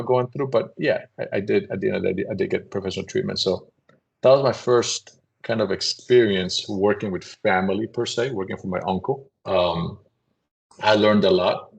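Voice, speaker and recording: A man, a company CEO, telling anecdotes in a casual, animated podcast conversation and acting out voices as he goes. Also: low-pitched, gravelly. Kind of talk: casual storytelling.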